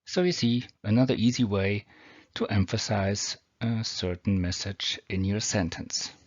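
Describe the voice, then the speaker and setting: A low-voiced man with a German accent walks through English grammar rules. He speaks slowly and deliberately and reads each example with care. The recording is dry and dull, as if made on a cheap mic at home. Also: no room sound. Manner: slow, deliberate, reads example sentences carefully. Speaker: teacher. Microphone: built-in or cheap mic.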